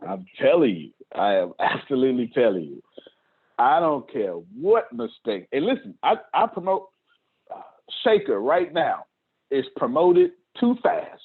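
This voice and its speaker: A man's voice: mid-range voice, sing-song, unhurried, husky. A man hosting a motivational talk to his staff on a video call, preachy and repeating his points, often laughing. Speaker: host. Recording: tinny phone-like call audio.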